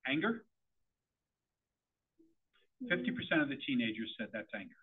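A middle-aged man giving an interactive presentation to parents, animated and quizzing his audience. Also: medium pitch, normal speed, breathy edge. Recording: tinny phone-like audio.

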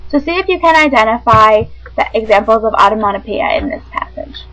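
A woman's voice: on the high side, lively intonation, fairly bright tone, poor audio. Woman reading a literature lesson. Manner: clear, measured classroom delivery with small slips. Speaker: teacher. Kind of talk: reading a lesson script aloud.

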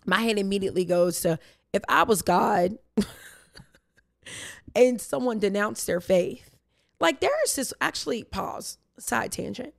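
A young woman hosts a casual faith Q&A podcast, her voice hoarse, raspy and gravelly after losing it. She rambles through tangents in a tired, low-energy way. The sound is dry, with no room to it. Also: animated, unhurried, long pauses, no room sound. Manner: chatty, rambling with tangents and restarts. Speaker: podcast host.

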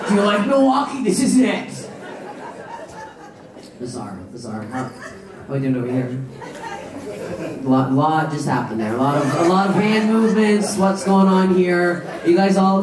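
Brash profane woman doing crowd work. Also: deep voice. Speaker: stand-up comedian. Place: comedy club stage. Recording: echoey live club from a distant mic. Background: loud laughing crowd.

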